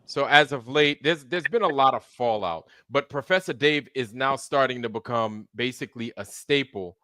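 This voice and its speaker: Bright-voiced man hosting a casual stream. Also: mid-range voice, normal speed, clean tone, dry recording, studio quality. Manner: relaxed, chatty, slangy. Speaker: livestream host. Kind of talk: casual show talk.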